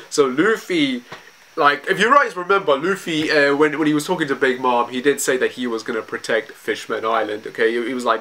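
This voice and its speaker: A man's voice: mid-range voice, normal speed, sharp tone. A young man giving casual commentary as a comic reviewer, loose and full of fillers, laughing often.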